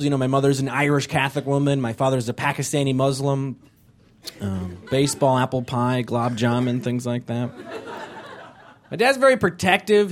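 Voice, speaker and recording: A young man from Rhode Island, doing a stand-up comedy set with deadpan delivery. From Rhode Island, USA. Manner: deadpan delivery with sudden high-pitched character voices.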